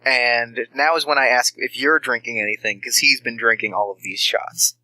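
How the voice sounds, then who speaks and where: A man's voice: mid-range voice, fairly even intonation, moderate pace, pushed and bright, no echo, poor audio. A man running a tabletop game as game master, narrating in a loose, conversational way.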